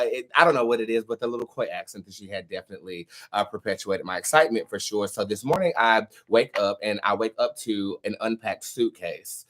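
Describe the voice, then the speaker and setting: A man's voice: on the low side, steady tone, brisk, fairly bright tone. A man hosting a tarot live stream, chatting casually and telling stories to his viewers with frequent ums and uhs. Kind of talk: casual chat to a live audience.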